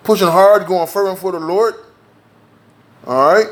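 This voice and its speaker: A man preaching a sermon in a loose, conversational way, dropping "man" and "all right?" between points and slowing down to read scripture aloud. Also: high-pitched, fairly bright tone, a little hiss or hum. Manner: informal, peppers lines with "man" and "all right?". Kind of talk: street-style sermon with scripture reading.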